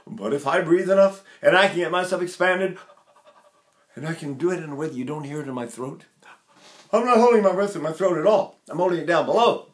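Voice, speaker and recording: A man's voice: on the high side, a little fast. A man in his eighties, a voice teacher, chatting casually as he demonstrates breathing exercises and talks while holding his breath. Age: 80s.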